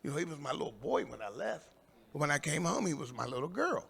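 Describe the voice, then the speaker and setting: Gravelly older man telling stage stories. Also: fairly high pitch, big pitch swings, fast talker. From Indianapolis, USA. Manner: profane, rambling storytelling with shouted quoted voices. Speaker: stand-up comic. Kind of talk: stand-up comedy set. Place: live comedy stage.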